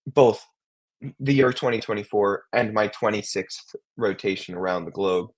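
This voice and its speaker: Husky young man chatting casually. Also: on the low side, moderate pace. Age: 20s. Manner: rambling, many restarts and fillers. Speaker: co-host. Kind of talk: casual chat.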